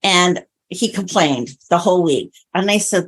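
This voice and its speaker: Woman, interview guest, meal coach, chatty storyteller, lowish pitch. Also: unhurried, few pauses, slightly rough. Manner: chatty storyteller, animated retellings. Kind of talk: conversational interview.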